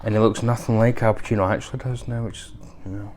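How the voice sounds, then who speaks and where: A man's voice: mid-range voice, little pitch movement, fast talker, darkish tone, a little hiss or hum. A man hosting a casual unboxing review, chatty and rambling with lots of fillers. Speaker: video host.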